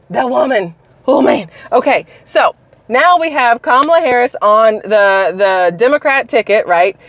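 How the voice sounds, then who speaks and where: A woman's voice: on the high side, dry recording. A woman from South Carolina with a mild Southern accent, giving sarcastic, rambling political commentary as the host of her own vlog. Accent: mild Southern American. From South Carolina, raised in Georgia. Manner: sarcastic, animated, rambling with asides. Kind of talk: casual ranting commentary.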